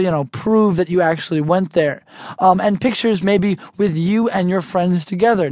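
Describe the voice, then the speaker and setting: An American man teaching an audio language lesson, chatty and relaxed, slowing down carefully to model each phrase. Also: sits high, no echo, studio quality. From United States.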